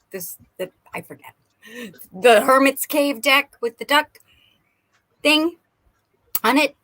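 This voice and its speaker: Animated playful woman reading cards. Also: on the high side. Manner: playful, animated, laughs often. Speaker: tarot and oracle card reader. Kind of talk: live-stream card reading.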